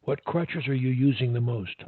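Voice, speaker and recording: A man's voice: mid-range voice, normal speed, slightly rough, dry recording. A man coaching a stutterer one-on-one over a call, upbeat and repetitive, giving pep-talk instructions. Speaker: speech coach. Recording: tinny phone-like line.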